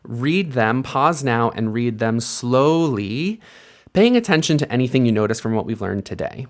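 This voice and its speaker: A young man teaching Biblical Hebrew, explaining letters patiently step by step and slowing down to read verses aloud. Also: mid-range voice, lively intonation. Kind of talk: instructional lesson with slow read-aloud.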